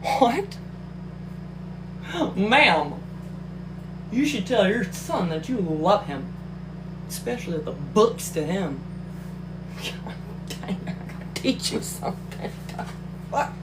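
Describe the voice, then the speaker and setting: Slow, lively, swearing woman commentator. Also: medium pitch, noisy background. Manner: profane, exclamatory, mocking; laughs often. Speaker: book commentator. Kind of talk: casual reaction commentary.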